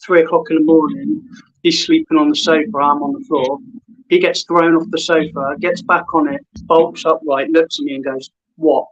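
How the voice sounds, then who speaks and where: A man's voice: on the high side, flat delivery, moderate pace. A man hosting a casual podcast interview, chatty and earnest as he tells stories. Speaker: podcast host. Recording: dull lo-fi remote audio.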